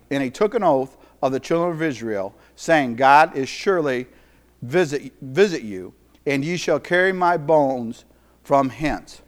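A middle-aged man preaching a sermon in a folksy, emphatic way, repeating phrases and swinging between loud declarations and quiet asides. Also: medium pitch.

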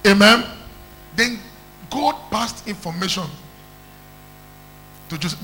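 Male preacher, emphatic, repeats phrases, very high bright voice, faint music behind. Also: lively intonation, unhurried, long pauses, low-quality recording. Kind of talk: call-and-response sermon.

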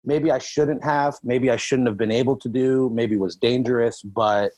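A man, a powerlifter, telling animated stories about training in casual podcast chat, with lots of swearing. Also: mid-range voice, moderate pace. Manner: animated storyteller, heavy swearing, acts out his own shouting.

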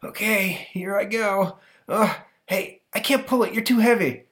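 Man doing a high, excitable comic-strip kid, loud. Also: measured pace. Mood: eager. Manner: excited, exclaiming. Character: eager, excitable little boy.

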